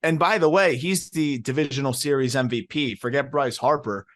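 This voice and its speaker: A man from South Florida co-hosting a baseball podcast, talking fast and emphatically with lots of fillers. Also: mid-range voice. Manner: excited, emphatic fan talk with many fillers. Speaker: podcast co-host. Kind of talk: casual sports podcast chat.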